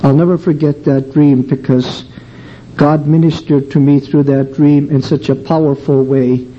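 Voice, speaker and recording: Older guy preaching slow and earnest, really dark mellow voice, muffled lo-fi recording. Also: fairly high pitch, level tone. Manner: slow, earnest, emotional storytelling. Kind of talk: sermon testimony. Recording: dull lo-fi recording with faint background noise.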